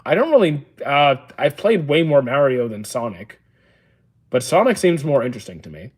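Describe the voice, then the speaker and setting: On a casual livestream, a husky-voiced host in his thirties reads chat and answers viewer questions. His tone stays calm, level and matter-of-fact, dry rather than excitable, and he often pauses on an "uh" before replying. His pitch is an ordinary middle range for a man.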